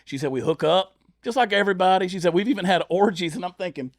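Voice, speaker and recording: A man's voice: sits high, fast, no room sound, clean studio sound. A man telling wild comic stories as a podcast guest, acting out the voices of the people he quotes. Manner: animated storyteller, lively acted-out quotes. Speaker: comedian guest. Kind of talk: storytelling on a podcast.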